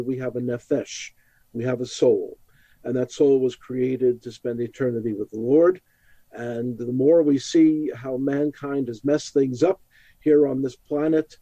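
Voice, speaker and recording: A man from Brooklyn with a New York accent, a rabbi speaking as a guest in an interview and calmly teaching from scripture. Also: medium pitch, no room sound, lo-fi sound. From Brooklyn, New York, USA. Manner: measured, reflective, quotes scripture. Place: home studio, New York metro area.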